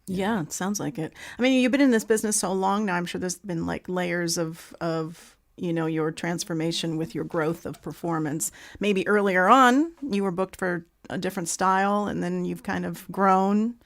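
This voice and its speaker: A woman's voice: lowish voice, moderate pace, vocal fry, hardly any pauses. A woman hosting a podcast interview, encouraging her guest with short affirmations and questions. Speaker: podcast host.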